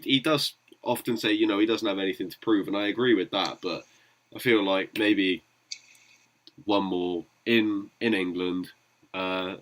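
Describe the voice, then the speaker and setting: Podcast guy, kinda hesitant, um-ing lots, bright voice. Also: fairly low pitch, low-quality recording. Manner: hesitant, many fillers. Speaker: podcast co-host. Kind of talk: casual debate.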